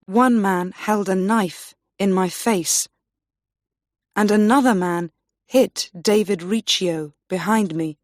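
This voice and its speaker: A woman teaching English, reading a graded story aloud slowly and clearly for learners. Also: mid-range voice, no echo, clean studio sound. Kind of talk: slow graded-reader story narration.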